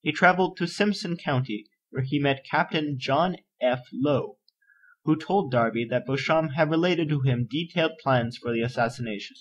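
A man reading an encyclopedia article aloud in a measured, even narration. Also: a little high, lo-fi sound. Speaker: volunteer article reader. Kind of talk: steady read-aloud narration.

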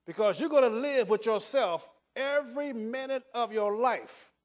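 A man's voice: extremely high pitch, moderate pace. An older man giving a motivational talk to an audience, speaking emphatically, repeating words and chuckling through his stories. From United States.

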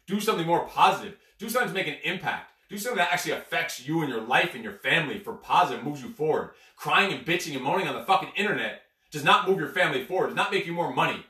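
A man co-hosting a motivational show, ranting bluntly with heavy swearing and sudden shouted bursts. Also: on the high side, big pitch swings, racing, distant mic. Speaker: podcast co-host, coach. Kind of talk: profane motivational rant. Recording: echoey room, off-mic.

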